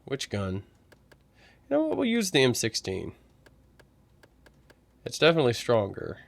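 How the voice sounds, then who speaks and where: A man's voice: mid-range voice, huge pitch swings, unhurried, creaky. A sleepy man thinking aloud as he streams a game playthrough. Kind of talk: casual game playthrough commentary.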